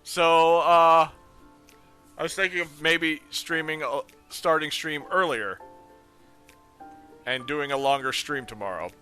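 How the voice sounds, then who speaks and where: A man hosting a live stream, giving casual shout-outs in a relaxed, amused way. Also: fairly high pitch, slow pace, pauses often, faint music behind. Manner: relaxed, amused, laughs often. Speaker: streamer host.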